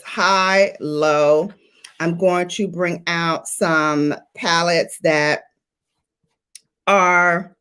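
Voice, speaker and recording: A woman hosting a beauty livestream, chatting playfully and greeting viewers by name. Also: mid-range voice. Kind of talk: casual livestream chat.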